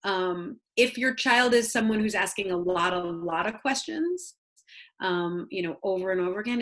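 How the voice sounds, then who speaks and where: A woman's voice: mid-range voice, animated, moderate pace, fairly bright tone. A woman child psychologist giving practical parenting advice in a conversational talk, with earnest storytelling full of "um"s and "you know"s. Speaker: child psychologist guest speaker.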